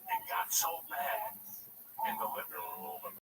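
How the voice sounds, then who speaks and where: Man, high, all over the place in pitch, profane rambling storyteller, far from the mic with background noise. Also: wildly swooping pitch, slow pace. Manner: profane, rambling, swings between mutters and loud bursts. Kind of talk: crude storytelling. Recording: distant mic with noise and radio bleed.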